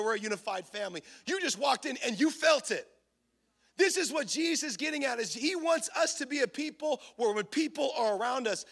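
A man preaching a sermon in a church, animated, acting out little scenes and shouting for emphasis. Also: extremely high pitch. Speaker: pastor.

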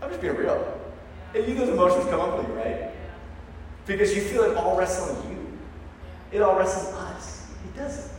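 Energetic guy preaching, call and response, long hall reverb, faint room noise. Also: high voice, normal speed, pauses often. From Lancaster County, Pennsylvania. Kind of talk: sermon. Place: large hall with audience. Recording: echoey hall recorded from far off.

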